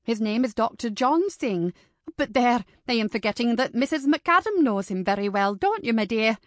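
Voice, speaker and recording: A woman voicing a chatty, lively lady friend. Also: on the high side, moderate pace, dry recording, studio quality, lightly acted.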